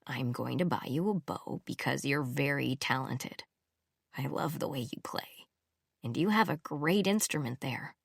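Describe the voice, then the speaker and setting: A woman voicing a calm, persuasive male music professor, speaking softly and insistently. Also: a little slow, vocal fry, slightly rough, no echo, studio quality, heavily acted. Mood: gentle, persuasive. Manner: soft, low, insistent. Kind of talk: audiobook character voice.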